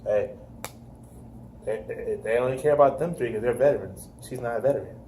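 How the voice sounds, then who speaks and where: A man's voice: medium pitch, a little fast, warm tone, rough recording. A man co-hosting a podcast, chatting casually in a laid-back way and chiming in with short replies. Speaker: podcast co-host. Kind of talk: casual wrestling review chat.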